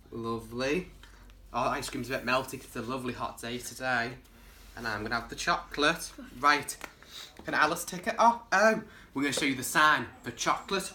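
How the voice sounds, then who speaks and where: A man with a gentle, patient and coaxing manner, chatting casually and asking lots of encouraging questions while making a treat in a home kitchen. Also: medium pitch, background noise. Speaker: co-host of a home cooking video.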